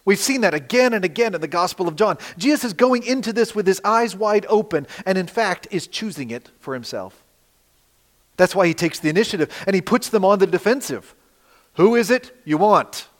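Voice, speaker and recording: Man, pastor, sermon, high pitch, rhetorical questions, loud-then-soft delivery, church hall reverb. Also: expressive, brisk. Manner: dramatic preaching with rhetorical questions; swings between loud emphasis and quiet asides.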